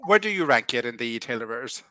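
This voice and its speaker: A woman's voice: rumbling low, expressive, fairly quick, bright, forceful tone. Wry young woman, playful slang. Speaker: guest streamer. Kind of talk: casual livestream chat.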